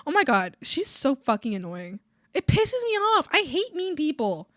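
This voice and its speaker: A young woman streamer venting to her chat in a casual, profane, animated rant, mocking other people's voices as she goes. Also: sits high, normal speed, dry recording, studio quality. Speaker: art streamer. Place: home streaming setup.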